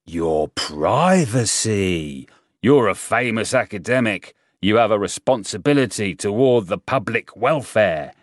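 A man voicing a rude, chain-smoking middle-aged police captain who talks loudly and bluntly in an audiobook reading. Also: lowish voice, lively intonation, measured pace, no room sound, studio quality, pitched above the performer's own voice. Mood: scolding. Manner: loud, gruff and blunt.

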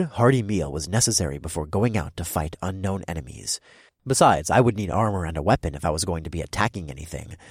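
A man narrating a first-person fantasy audiobook in an expressive, wry storytelling manner. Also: deep voice, slightly rough, no echo, clean studio sound.

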